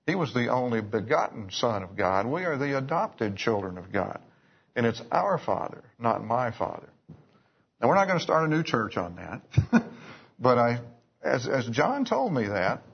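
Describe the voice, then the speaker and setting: A man's voice: medium pitch, vocal fry, breathy edge. A man preaching a sermon, telling stories in a folksy way with restarts and asides. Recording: dull lo-fi recording.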